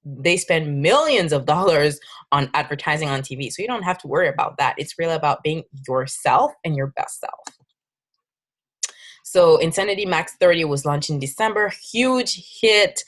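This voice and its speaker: A woman with a French accent and a fairly low voice pitches fitness coaching in a casual, upbeat way. She talks persuasively, often breaking off and restarting her sentences. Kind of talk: casual recruiting presentation.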